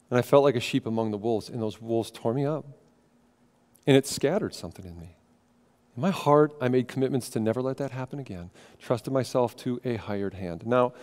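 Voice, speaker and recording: A man preaching a sermon as pastor, moving between hushed, intimate passages and loud, emphatic ones. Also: medium pitch. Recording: long hall reverb.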